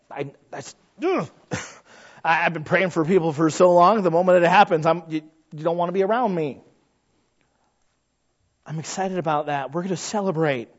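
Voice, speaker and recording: A male pastor preaching a sermon, animated and folksy, asking rhetorical questions and joking at his own expense. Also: on the high side, lo-fi sound. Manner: animated, frequent rhetorical questions and self-deprecating humor.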